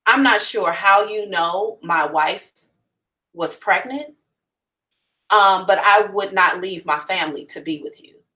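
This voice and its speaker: Woman doing a boyfriend, low and clipped, quiet and curt, bright tone. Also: measured pace, heavily acted, poor audio. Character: boyfriend caught out, flustered and curt.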